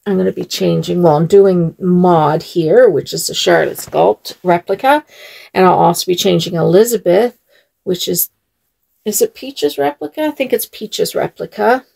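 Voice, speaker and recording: A woman's voice: lowish voice, normal speed, creaky, warm tone. A woman vlogger chatting casually while she dresses dolls, talking in a chatty way and laughing often. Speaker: doll channel vlogger.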